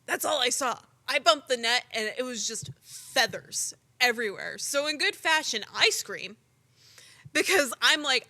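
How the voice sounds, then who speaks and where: A young woman co-hosting a podcast, telling stories in an animated, casual way full of "like" and the odd swear word. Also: high voice, measured pace. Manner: animated storytelling, frequent "like" and swearing. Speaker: podcast co-host. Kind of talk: casual chat.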